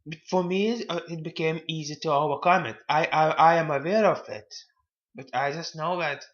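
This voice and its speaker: A man giving casual self-help advice, talking haltingly and often repeating words. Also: fairly high pitch, fairly bright tone, highs cut off.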